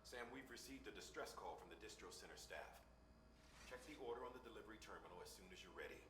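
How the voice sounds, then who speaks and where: An actor playing a calm adult male mission handler in a video game, giving measured briefings. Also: fairly low pitch, natural voice. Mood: urgent. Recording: roomy game audio with background noise.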